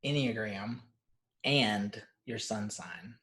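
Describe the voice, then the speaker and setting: A man's voice: fairly low pitch, takes it slowly, bright, forceful tone. A man interviewing a friend for a vlog, tossing out short, offhand questions. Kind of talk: casual chat.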